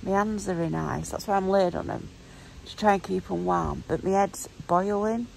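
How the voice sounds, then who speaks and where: A woman in her forties chats to her vlog audience in a croaky, gravelly voice, her throat sore and her tone tearful. She rambles along with plenty of fillers, and a faint hiss of noise sits behind her. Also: medium pitch, normal speed, a little mellow, low-quality recording. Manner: rambling, chatty, filler-heavy. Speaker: vlogger. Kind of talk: casual vlog chat.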